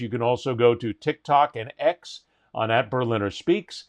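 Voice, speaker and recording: A man's voice: medium pitch, moderate pace. A man co-hosting a sports podcast, reading plugs and joking in casual chat. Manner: animated, jokey promo patter. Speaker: podcast co-host.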